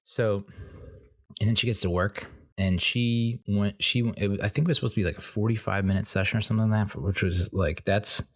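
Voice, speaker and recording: A man telling a comedic story in a casual, animated way, swearing freely and acting out the voices of other people. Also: lowish voice, fairly quick. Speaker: comedy podcast host.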